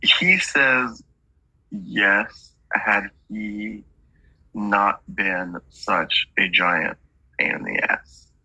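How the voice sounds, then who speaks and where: A man's voice: fairly low pitch, extremely slow, bright, forceful tone, slightly rough, no echo, low-quality recording. A man working as a medium, relaying messages in a chatty reading and stringing quotes together with "he's like".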